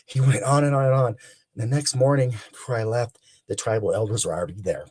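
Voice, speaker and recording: A man in his sixties, a guest animatedly telling a long story, excited and rambling with restarts. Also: medium pitch, quick pace, slightly rough. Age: 60s.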